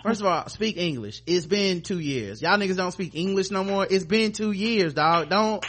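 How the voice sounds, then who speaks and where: Male podcast host, slightly high voice, loose and profane, recaps scenes by imitating the characters. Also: expressive, normal speed, fairly bright tone, a little hiss or hum. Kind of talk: casual chat recapping a TV episode.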